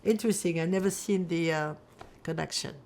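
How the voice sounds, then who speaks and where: An older woman from France giving oral history testimony, reflective and halting, with many fillers as she searches for words. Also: lowish voice, darkish tone, a little hiss or hum. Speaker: Holocaust survivor interviewee.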